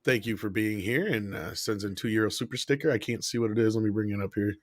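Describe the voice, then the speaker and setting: A man's voice: on the low side, quick pace, dry recording. Male co-host, wry and profane, reads viewer chats; dry, close recording. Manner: wry, swears casually, reads viewer messages. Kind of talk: casual livestream chat.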